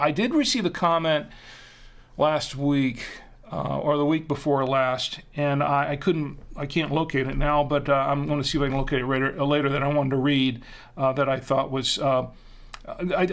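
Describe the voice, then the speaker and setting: Guy hosting a live stream, rambly and chatty, lots of uhs, voice a bit on the high side. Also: a bit bright. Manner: rambling, chatty, self-correcting with many fillers. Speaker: host. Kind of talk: casual livestream chat.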